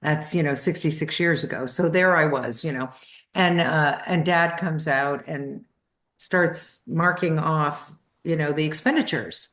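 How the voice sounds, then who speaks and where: A woman's voice: low voice, unhurried. Seventy-something woman telling a childhood story. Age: 70s. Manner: lively anecdotal storyteller, acts out voices of family. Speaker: guest. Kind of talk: storytelling in a podcast interview.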